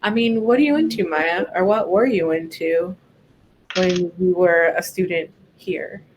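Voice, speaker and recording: A woman's voice: lowish voice, unhurried, slight background noise. A woman playing a tabletop game who speaks in a laid-back, friendly way. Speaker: player. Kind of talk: casual tabletop play.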